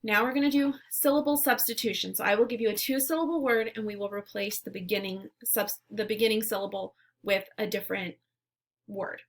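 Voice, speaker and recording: A woman teacher leading a phonemic awareness lesson, saying words and sounds slowly and clearly, with short words of encouragement between drills. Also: mid-range voice, fairly even intonation. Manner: slow, clearly enunciated drills.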